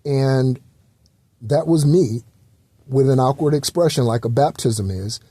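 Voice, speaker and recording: A man talks casually about spiritual life, rambling and repeating himself with plenty of fillers. His voice is mellow and dark, at a middling pitch. The sound is dry and close. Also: measured pace, breathy edge, dry recording. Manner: loose, rambling, repetitive with fillers and occasional swearing. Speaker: spiritual channel host.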